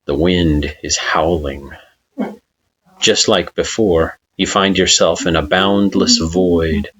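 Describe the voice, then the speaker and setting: A man reading a fan-fiction story aloud with slow, expressive narration. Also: low-pitched, lo-fi sound. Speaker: story reader.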